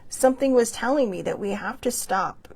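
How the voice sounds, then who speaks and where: A woman host talks in a loose, rambling monologue, stopping and restarting as she goes. Her voice is gravelly and husky, and her pitch swings widely up and down. She sounds earnest and drops in a casual swear word now and then. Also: animated, moderate pace, a little mellow. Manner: rambling and conversational, with frequent fillers and restarts; earnest, with bursts of laughter and mild swearing.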